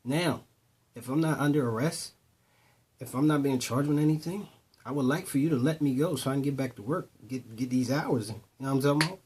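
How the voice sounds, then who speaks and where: A man's voice: a little fast, a little mellow, slight background noise. A man casually telling personal stories to young listeners, acting out the dialogue. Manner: conversational, retells dialogue in voices, repeats "boom". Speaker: storyteller addressing youth. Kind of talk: casual spoken storytelling.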